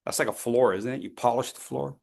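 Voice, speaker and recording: A man teaching as a speech coach, lively and playful, acting out his students and throwing in sound effects. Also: medium pitch, fairly quick, gravelly. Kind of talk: lively training talk.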